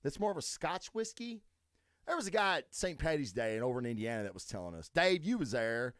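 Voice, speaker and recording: A man's voice: mid-range voice, sing-song, a little fast, a bit bright, dry recording, clean studio sound. A man with a Southern US accent, hosting a podcast as casual chat, rambling and swearing a lot with crude jokes. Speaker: podcast host.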